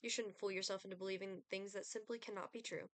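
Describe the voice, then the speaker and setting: A woman's voice: medium pitch, fairly even intonation, fast, dry recording, close to an everyday voice. Haughty Grim Reaper from a dating game, formal and chilly, dry close sound, read by a woman. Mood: cold, formal. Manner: cool, clipped, formal speech. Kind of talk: reading game dialogue aloud.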